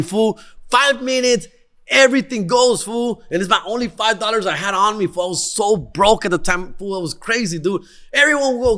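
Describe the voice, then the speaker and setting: Excitable slangy man. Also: high-pitched. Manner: slangy and excitable, mixing in Spanish. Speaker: podcast host. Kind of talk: casual storytelling.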